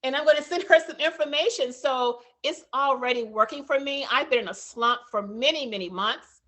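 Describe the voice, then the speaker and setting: Woman consultant, earnest and reflective, slightly high voice. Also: a little fast, a bit bright. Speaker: consultant on the call. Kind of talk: call testimonial.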